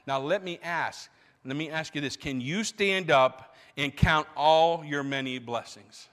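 A male pastor preaching a sermon, animated, stumbling over restarts as he builds his points. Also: a little high, measured pace, long reverb tail.

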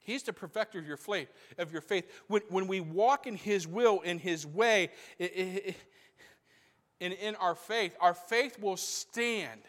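High-voiced preacher in a reverberant hall. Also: male voice, a little slow, a bit bright. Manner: preaching with rising intensity, repeating phrases for emphasis. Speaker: pastor. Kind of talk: sermon. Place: church sanctuary.

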